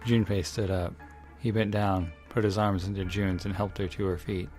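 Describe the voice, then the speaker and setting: A man reading a visual novel aloud in a measured, dramatic narration, with occasional slips. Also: sits low, level tone, a little mellow, soft background music. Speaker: game reader.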